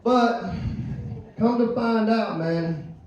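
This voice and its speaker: A man in his fifties tells loose, profane stand-up stories and laughs along with them. His voice is high for a man, with a dark, mellow tone. He is heard from far off the mic in a very echoey club. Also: very slow, lo-fi sound. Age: 50s. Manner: loose, storytelling, profane, laughing at own jokes. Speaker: open-mic comedian. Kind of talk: stand-up comedy. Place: comedy club stage.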